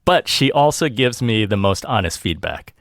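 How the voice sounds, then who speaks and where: A man's voice: on the low side, big pitch swings, moderate pace, a bit bright, no echo, clean studio sound. A man hosting a podcast and chatting casually, laughing often and acting out what family members say. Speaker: podcast host. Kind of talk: casual chat.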